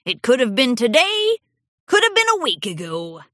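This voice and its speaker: A woman voicing a grumpy, forgetful old male pony gardener in a storybook reading, with a gruff, grumbling manner. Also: fairly high pitch, huge pitch swings, moderate pace, bright, forceful tone, dry recording, studio quality, voice pushed up, heavily acted. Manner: gruff, grumbling, stammers when flustered.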